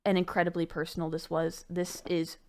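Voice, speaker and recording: A woman's voice: lowish voice, monotone, brisk. A young woman unboxing birthday gifts on her vlog, gushing thanks and tossing in jokey asides. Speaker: gaming YouTuber unboxing gifts. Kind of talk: casual vlog chat.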